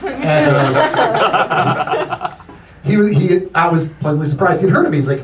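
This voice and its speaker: Man doing stand-up, lively swooping delivery, profane and laughing, distant echoey club mic, crowd noise. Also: high-pitched, measured pace. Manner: loose, profane, laughs through his lines. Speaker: stand-up comedian. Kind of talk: stand-up set with crowd work. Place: comedy club stage with an audience. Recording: roomy club recording from far off with crowd.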